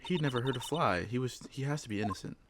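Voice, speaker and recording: A man's voice: medium pitch, expressive, quick pace, noisy background, natural voice. A man reading as a polite, hesitant young woman working as a studio assistant, with game music behind.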